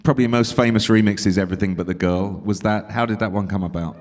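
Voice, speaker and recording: A man's voice: fairly low pitch, fast talker. A man interviewing a guest, asking short follow-up questions.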